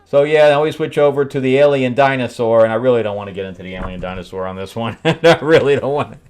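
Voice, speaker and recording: A man's voice: mid-range voice, fast, a little mellow, smooth. A man hosting a casual comic book review, wry and mocking, often breaking into laughter. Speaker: host, screenwriter reviewing comics.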